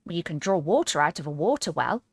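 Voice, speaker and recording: A woman's voice: lowish voice, sing-song, fast, gravelly, breathy edge, dry recording, full character voice. A woman voicing a rude, mocking male hatter who speaks curtly. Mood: snappish. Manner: curt, mocking. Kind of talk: storybook character voice.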